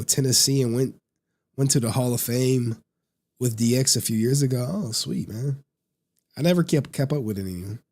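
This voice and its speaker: A man in his thirties chats on a live stream in loose slang, laughing between lines. His voice is gravelly and a little husky, and his pitch swings widely as he tells stories. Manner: slangy, laughs often, animated storytelling. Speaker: streamer host. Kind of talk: casual live-stream commentary.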